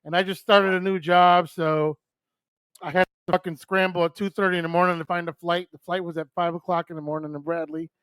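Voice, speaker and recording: This radio host, an older man from New, talks fast and smooth in a high, slightly bright voice with a level tone. On his live stream he jokes around and swears casually with a friend, and there's no echo.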